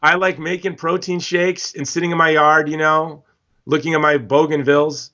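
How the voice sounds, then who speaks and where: A man's voice: fairly high pitch, level tone, normal speed, sharp tone, dull audio. A man speaking as a guest in a podcast interview, telling stories with passion and emphatic repetition. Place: Hawaii.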